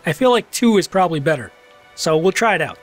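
A man giving casual let's-play commentary. He is excitable, swears casually, and talks back to the game as he plays. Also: a little high, fast talker, soft background music.

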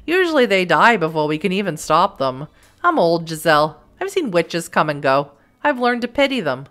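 Woman doing old werewolf lady, stern, dismissive, low voice, game. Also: sing-song, normal speed, fairly bright tone. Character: old weary female werewolf elder.

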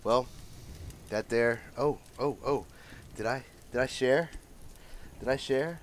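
A man's voice: medium pitch, slow, slight background noise. Chatty man hosting a cooking vlog. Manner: chatty, enthusiastic, stumbles and repeats words. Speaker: cooking channel host. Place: outdoor griddle cooking station.

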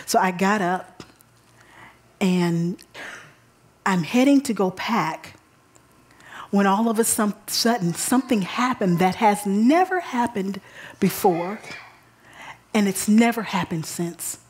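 A woman's voice: mid-range voice, animated, slow, pauses often. Woman church speaker, mid-range voice, storytelling sermon, stumbles over repeated words, whispers key lines. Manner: drops to a hushed whisper for emphasis; repeats words as she gathers thoughts.

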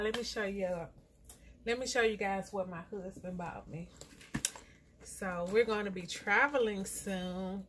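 A young woman vlogs from home, venting and complaining to her viewers, whom she calls "y'all," while doing her hair. She sounds frustrated in this casual chat to camera, her voice mid-range, with slight background noise.

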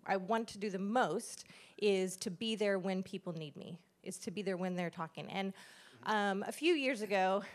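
A middle-aged woman shares a church testimony in an earnest, conversational way. She speaks at an ordinary, middle pitch and acts out the lines she quotes from others. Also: normal speed. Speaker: pastor's wife sharing a testimony.

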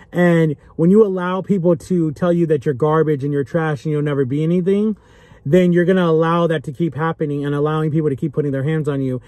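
A man's voice: a little high, darkish tone, no echo. A young man talking straight to camera in an impassioned vlog, earnest and pleading, repeating himself for emphasis and emotional as he speaks. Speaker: vlogger. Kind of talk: impassioned direct-to-camera talk.

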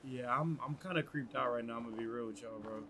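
A man's voice: medium pitch, fast talker, a crowd in the background. A young man commentating a game playthrough, joking and slangy with lots of reactions. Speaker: gaming channel host. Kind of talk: let's play commentary.

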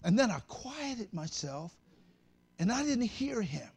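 High-voiced, animated male preacher. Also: slow pace, vocal fry, breathy edge. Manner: animated, humorous preaching with shouted peaks; conversational, addresses the congregation directly. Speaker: pastor. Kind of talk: sermon.

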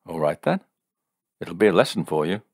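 A man's voice: low-pitched, big pitch swings, a little fast, breathy edge, no room sound, studio quality, exaggerated voice. Storybook role: feisty believer girlfriend, argumentative, sarcastic, put on by a male reader. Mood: defiant. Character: defiant young woman who believes in psychics.

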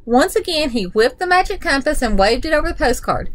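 A woman reading a children's picture book aloud, full of animated storytelling. Her voice sits high and swoops through a very wide, expressive range. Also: a little fast, hardly any pauses, rough recording.

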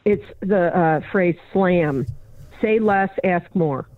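Speaking slowly in a fairly low voice, this educator and consultant is a guest on a podcast, recounting a story conversationally. She performs both halves of a remembered exchange, giving each person their own voice. The recording is dry, with the narrow, phone-like sound of a remote interview.

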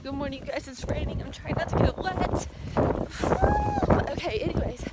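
A woman's voice: sits high, wildly swooping pitch, a little slow, over loud music. A young woman vlogging casually in a rambling, chatty, self-deprecating way as she runs errands in the rain and in her car. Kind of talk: casual vlog chat.

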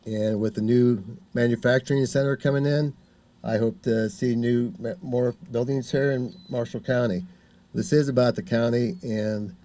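A man who is a county commissioner gives a plain, unhurried speech at an outdoor groundbreaking, with some fillers along the way. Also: medium pitch, darkish tone. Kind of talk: ceremony speech.

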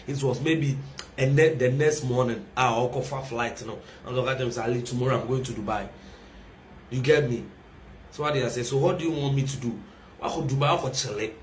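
A man's voice: medium pitch, echoey room, slight background noise. A young Ghanaian man with a Ghanaian accent in an emotional casual rant, repeating himself and pleading, mixing in local words. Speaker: reality show contestant reacting on social media.

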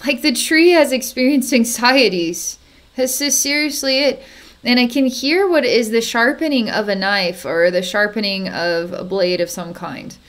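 A woman psychic narrating a distance energy healing in a halting way, with frequent fillers and soft chuckles. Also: fairly high pitch. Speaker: psychic healer.

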